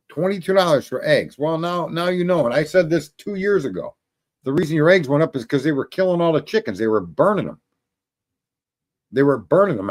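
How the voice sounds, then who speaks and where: A man's voice: fairly high pitch, a little mellow. A man hosting a show, ranting casually and rambling to viewers, swearing often and laughing at his own jokes. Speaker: show host.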